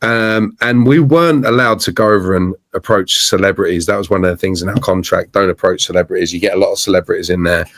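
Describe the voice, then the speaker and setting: A man with a fairly low voice talks casually on a podcast, telling stories in a loose, rambling way full of restarts. The sound is dry and close, with no room echo. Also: fast, hardly any pauses. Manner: rambling, storytelling with many restarts. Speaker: guest filmmaker and guitarist.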